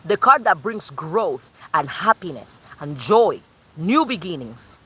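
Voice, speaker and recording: A woman with a Cuban accent gives a tarot reading with sassy, repetitive emphasis. Her pitch swings widely, her tone is bright and forceful, and her voice carries a husky grain. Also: very animated, slow. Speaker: tarot reader.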